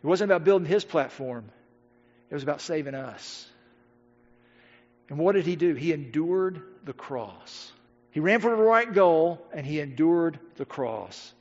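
A man preaching a sermon, swinging between loud emphatic lines and hushed, quiet passages. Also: on the high side, animated, a little slow. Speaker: pastor. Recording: dull audio with long hall reverb.

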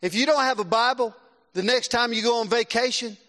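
A middle-aged preacher with a high, bright voice delivers a lively sermon, jumping from loud exclamations down to hushed, earnest tones. His words ring out through a large church with a long reverb. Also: fast talker. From South Carolina. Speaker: visiting preacher.

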